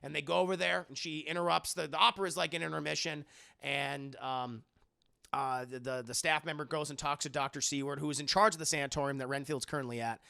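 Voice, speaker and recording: A man giving a rambling, profane, animated spoken film recap as a streamer. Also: a little high, quick pace, gravelly. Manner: rambling, profane, animated, many fillers and restarts.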